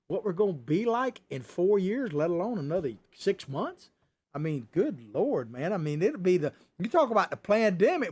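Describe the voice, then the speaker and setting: A talk show host man rants through a political monologue in a high voice. He is sarcastic and chuckles often. His pitch swings widely, from high jabs down to low, dry asides. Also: fairly bright tone. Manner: sarcastic, ranting, with frequent chuckles.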